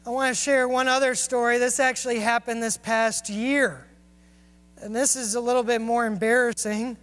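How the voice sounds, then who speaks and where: A man's voice: extremely high pitch, level tone, normal speed, a bit bright, clear, resonant tone. A man preaching a sermon and telling personal stories in an earnest, confessional way. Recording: long hall reverb.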